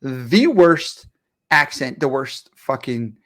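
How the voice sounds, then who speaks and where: A man's voice: mid-range voice, big pitch swings, slow pace, fairly bright tone. A man co-hosting a casual podcast, ranting emphatically and swearing a lot. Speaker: podcast co-host.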